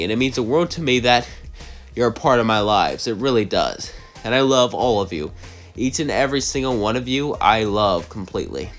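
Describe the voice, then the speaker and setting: A young man with a cold talks to his viewers in a rambling, heartfelt way, his pitch bouncing up and down a lot. He narrates and chats casually, with faint music underneath. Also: a bit bright. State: sick with a cold, coughing. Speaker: channel host, storyteller. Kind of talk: casual fan-story narration and chat.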